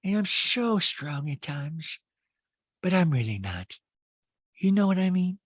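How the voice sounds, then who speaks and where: A tearful, over-emotional middle-aged woman from a reality show, as a man puts her on in a podcast recap. The voice runs high and wavering, rising and falling widely, and the recording is close and dry. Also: sing-song, measured pace, no echo, heavily acted. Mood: emotional pleading. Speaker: podcast host doing an impression.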